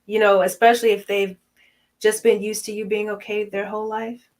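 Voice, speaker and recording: A podcast co-host in her thirties talks animatedly in a casual chat, acting out quoted voices and laughing often. Her voice is mid-range and brisk, and the audio quality is poor.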